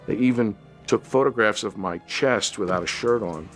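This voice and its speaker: A man's voice: lowish voice, moderate pace, soft background music. A man remembering working on a film, telling the story reflectively in a documentary interview. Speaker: actor interviewee.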